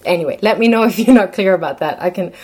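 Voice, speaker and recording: A woman's voice: fairly low pitch, lively intonation, fast talker, darkish tone. A woman talking casually to camera about health, chatty and hesitant, with many fillers and restarts. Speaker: health vlogger. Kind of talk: casual explanatory talk to camera.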